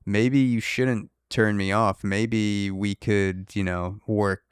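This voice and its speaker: A man voicing a scheming AI chip that coaxes its host in a hushed murmur. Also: on the low side, flat delivery, slow, clear, resonant tone, dry recording, clean studio sound. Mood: coaxing. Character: scheming male AI voice in one's head, coaxing.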